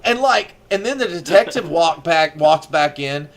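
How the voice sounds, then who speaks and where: A man's voice: a little high, animated, measured pace. Rambling young man telling a story. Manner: rambling storyteller, heavy filler words and swearing. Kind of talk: casual chat.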